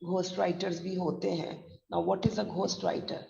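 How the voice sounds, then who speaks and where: Indian English woman teacher, gravelly edge, distant echoey lo-fi room sound. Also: lowish voice, little pitch movement, mellow, slight background noise. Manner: slow deliberate spelling-out, mixing Hindi. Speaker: pronunciation trainer. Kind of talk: online vocabulary lesson.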